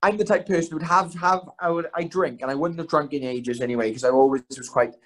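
Talking fast in a slightly high voice, a young man guests on a podcast. The fighter rambles through self-mocking, swear-filled stories in casual chat.

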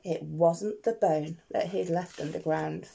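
A woman teacher reading a rhyming picture book aloud to children, expressive and playful, asking the listeners questions. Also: lowish voice, unhurried, creaky, husky.

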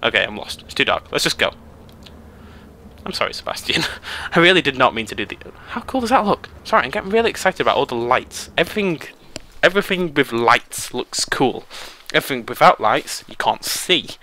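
A man's voice: medium pitch, a little fast. A British man casually commentating his gameplay, rambling and joking at his own expense. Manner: rambling, self-mocking, easily excited. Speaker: let's play host.

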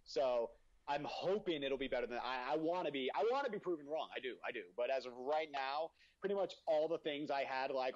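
A man's voice: mid-range voice, animated, a little fast, lo-fi sound. A man co-hosting a podcast, ranting and teasing his friends in casual banter, often repeating himself. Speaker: podcast co-host.

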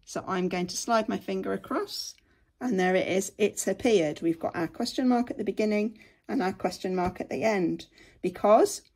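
A woman's voice: mid-range voice, a little mellow, breathy edge. Patient woman teaching step by step. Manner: patient, step-by-step, frequent "okay". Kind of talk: screen-share tutorial.

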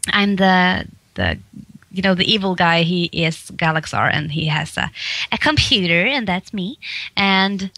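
A Swedish woman who voices characters for a living talks at a measured pace in a low-leaning voice, recorded without echo. Appearing as an interview guest, she keeps the chat casual, laughing a lot in a giggly, lively way.

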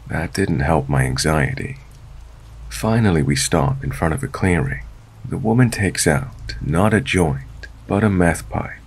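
A man narrating a true scary story in a steady, measured storytelling voice. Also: very deep voice, breathy edge. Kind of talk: scripted narration.

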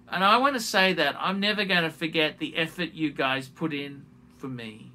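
A man making a direct-to-camera apology video as a YouTuber, halting and repetitive, often restarting his phrases. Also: a little high, pushed and bright.

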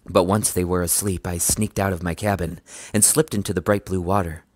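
A man's voice: brisk, no room sound, clean studio sound. A man reading a children's book aloud, narrating and lifting his voice for the characters' lines. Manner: lively, raises pitch for dialogue. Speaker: audiobook reader.

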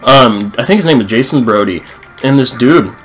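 A man co-hosting a casual podcast, jumping in with jokes and swearing. His pitch swings a lot and his tone is bright and tense. He reacts often with quick interjections. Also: animated, faint music behind. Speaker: podcast co-host. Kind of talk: casual chat.

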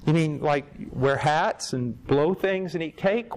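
At a moderate pace, a middle-aged man delivers a lecture-style sermon, telling stories emphatically. His pitch jumps up whenever he hits a key point.

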